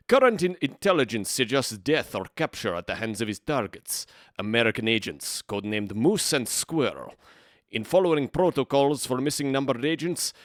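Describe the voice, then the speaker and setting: A man putting on a Russian accent to play a stern male Soviet officer who reads out a memo in a loud, clipped, official way. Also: mid-range voice, no echo, clean studio sound, close to an everyday voice. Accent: put-on Russian.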